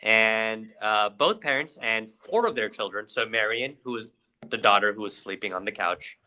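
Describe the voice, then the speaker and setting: A young adult man, a podcast co-host, retelling events in a casual, animated storytelling way. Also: fairly low pitch, moderate pace, poor audio. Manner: animated retelling with acted-out quotes.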